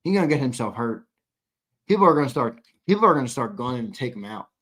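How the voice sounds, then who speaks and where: A man's voice: medium pitch, big pitch swings, quick pace. A tired young man hosting a live postgame sports stream, reading chat comments and ribbing viewers in a blunt, casual way. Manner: blunt, ribbing chatters, swings from mumbling to loud outbursts. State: tired, yawning.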